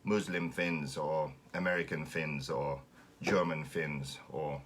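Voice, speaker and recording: A man's voice: a bass voice, slow, slight background noise. A man from Finland with a Finnish accent, hosting a casual live stream and ranting sarcastically with plenty of swearing. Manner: sarcastic, swearing, animated rant.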